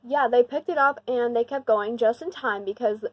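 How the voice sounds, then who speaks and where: Young woman vlogger, fairly high voice, slangy and rambling, emphatic storyteller, dry close sound. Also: moderate pace, dry recording, dull audio. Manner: slangy, rambling, heavy use of "like"; animated and emphatic when retelling the scary part. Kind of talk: casual storytime.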